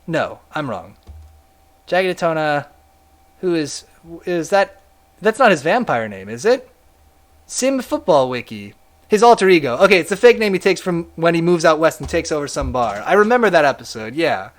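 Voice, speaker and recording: A young man streaming a video game, chatting casually and reading viewer messages aloud in an animated way. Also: on the high side, normal speed. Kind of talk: casual live-stream chat.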